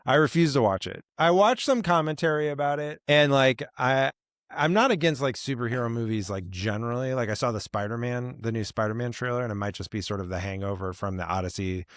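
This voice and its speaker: A man's voice: mid-range voice, a little fast, no room sound, clean studio sound. A man co-hosting a podcast in casual chat, rambling and opinionated with lots of filler "like". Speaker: podcast co-host.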